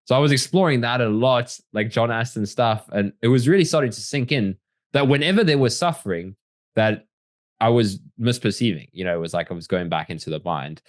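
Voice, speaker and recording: A man's voice: medium pitch, a little fast, no room sound, studio quality. A man as the guest in a casual interview, talking reflectively and animatedly with many fillers.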